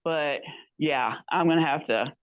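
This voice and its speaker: On a podcast, a female guest rambles through a story in casual conversation, performing other people's lines as she quotes them. Her voice is deep and measured, and the recording is dry with a narrow, tinny quality.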